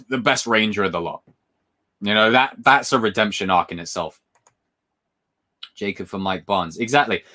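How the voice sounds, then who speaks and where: A young man chats on a livestream, his pitch swinging up and down as he gets carried away. He rambles and circles back, repeating phrases while he thinks out loud. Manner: excitable, rambling, repeats himself. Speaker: livestream host. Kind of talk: casual live-stream chat.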